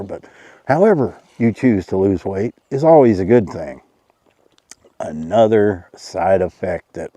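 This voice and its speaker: A man with a drawl talks straight to the camera, folksy and full of deadpan jokes. His voice is very dark and mellow. The sound is dry and close, with no room around it. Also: mid-range voice, no room sound. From Arkansas. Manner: folksy, joking, deadpan irony. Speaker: vlogger. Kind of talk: casual direct-to-camera talk.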